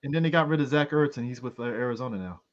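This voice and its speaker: A man's voice: medium pitch, rapid-fire, dull audio. A man co-hosting a casual sports chat show, joking and swearing as he breaks down games. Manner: joking, profane, laughs easily. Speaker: podcast co-host.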